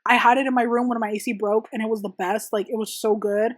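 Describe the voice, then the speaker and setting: A young woman talks through viewer questions in a loose, rambling vlog manner, full of "like" and "um" fillers. Her voice sits a little high for a woman. The sound is dry, with almost no room echo. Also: steady tone, quick pace. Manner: casual and rambling, many "like" and "um" fillers. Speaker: press-on nail artist and channel host. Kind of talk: chatty Q&A vlog.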